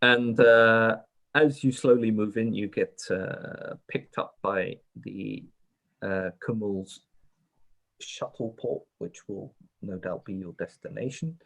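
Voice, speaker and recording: Low-voiced hesitant male game master. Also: slow, vocal fry, fairly bright tone. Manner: hesitant, many fillers. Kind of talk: narrating a tabletop game.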